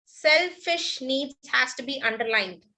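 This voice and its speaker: A woman's voice: high voice, lively intonation, unhurried, pushed and bright, low-quality recording. A woman teacher with an Indian English accent, giving an online class and patiently repeating each instruction with frequent "okay" and thanks.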